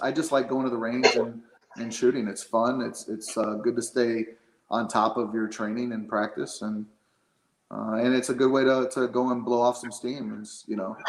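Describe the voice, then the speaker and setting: Rambling man, roomy sound. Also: medium pitch. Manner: rambling, many fillers and restarts. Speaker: guest. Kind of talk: casual chat.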